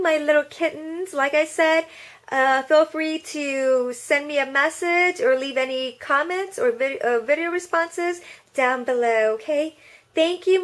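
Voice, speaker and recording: A woman's voice: high-pitched, fairly bright tone. A woman chatting casually to her viewers in a cutesy baby-talk way from her bedroom. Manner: bubbly and playful. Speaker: vlogger and martial arts student. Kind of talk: casual vlog chat.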